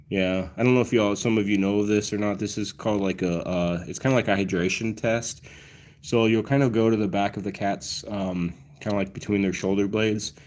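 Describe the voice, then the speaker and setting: A man's voice: fairly low pitch, a little mellow. A man hosting a casual livestream, explaining things in a rambling way full of fillers and restarts. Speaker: cat channel host.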